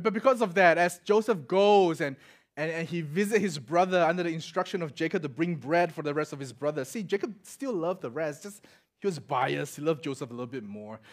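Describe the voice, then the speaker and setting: A middle-aged Singaporean man preaching a sermon, telling stories and acting out the voices, swinging from loud to quiet. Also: fairly high pitch, brisk. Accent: Singaporean English. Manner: animated, acts out voices in anecdotes, swings loud to soft. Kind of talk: sermon with storytelling.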